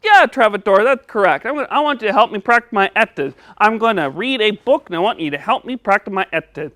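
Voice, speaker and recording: Eager puppet boy with a lisp, bouncy and quick to get overexcited, S sounds coming out as T, as voiced by a woman; children's lesson show, dry close sound. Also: mid-range voice, big pitch swings, fairly bright tone, no echo. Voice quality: lisp that turns S into T. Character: excitable young puppet boy practicing his S sound.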